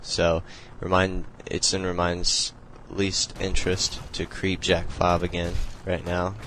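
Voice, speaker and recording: A young man with a deep voice and very little rise and fall talks through a strategy game replay at home. His explaining is loose and rambling, full of fillers and restarts. A faint hiss sits under the recording. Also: completely flat delivery, takes it slowly, fairly bright tone, low-quality recording. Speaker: replay commentator. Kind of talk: casual strategy game commentary.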